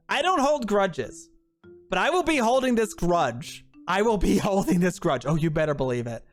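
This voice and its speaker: A woman streamer chatting casually, rambling and poking fun at herself in an animated way. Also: lowish voice. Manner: rambling, self-mocking, animated.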